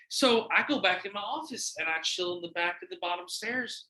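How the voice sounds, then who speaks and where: A podcast host spins a wild story in a bright, sharp voice that sits a little high for a man. He swears freely and acts out every quote. The room around him is echoey. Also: a little fast, few pauses. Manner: animated, profane storyteller who acts out quotes. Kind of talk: casual podcast chat, storytelling.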